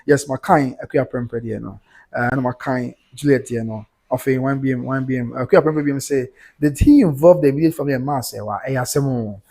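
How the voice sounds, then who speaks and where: A man's voice: medium pitch, fairly quick, mellow. A Ghanaian man hosting a livestream, reading out viewer comments and reacting to them in a mix of Twi and English.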